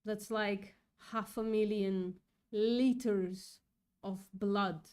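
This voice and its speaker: Slow-talking upset woman streamer. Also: medium pitch, steady tone, darkish tone, smooth. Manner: upset, swears often, thinks aloud. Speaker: livestream host reading chat. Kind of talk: casual livestream commentary.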